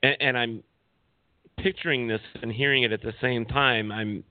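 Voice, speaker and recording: A man's voice: medium pitch, fairly even intonation, normal speed, no room sound. A man hosting a talk show, jumping in with laughing asides about his own spirit encounters. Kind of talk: casual talk show chat. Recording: dry phone-like audio.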